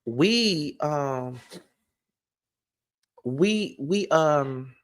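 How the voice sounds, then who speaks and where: Profane, animated storytelling man. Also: a little high, very slow. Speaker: vlogger. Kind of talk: casual storytime monologue.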